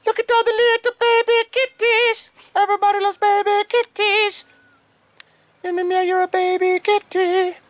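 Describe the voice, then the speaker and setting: A man putting on a high, sing-song baby-talk voice to coo at kittens. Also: completely flat delivery, measured pace, fairly bright tone, no echo.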